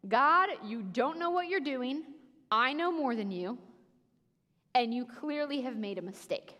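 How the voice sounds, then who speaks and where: A woman giving a sermon as preacher, telling the story in an animated way and acting out the voices she quotes. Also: sits high. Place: church sanctuary. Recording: reverberant church hall.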